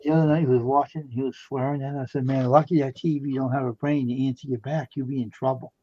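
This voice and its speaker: Husky higher-voiced man telling anecdotes, dry lo-fi sound. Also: flat delivery, fast, dark tone, no room sound. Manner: laughs easily, tells anecdotes. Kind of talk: casual chat.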